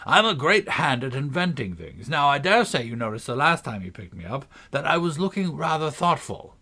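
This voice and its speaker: A man's voice: fairly high pitch, very animated, moderate pace, pushed and bright, voice pushed up, full character voice. A man reading a storybook, voicing a clumsy, earnest old knight who rambles on solemnly about his inventions. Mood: earnest, rambling.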